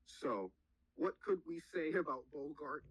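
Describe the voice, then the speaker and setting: A young man co-hosting a casual podcast, talking haltingly with lots of fillers and moving the chat along. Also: a little high, expressive, fairly bright tone, slightly rough, rough recording. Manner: halting, filler-heavy, steers topics. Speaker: podcast co-host.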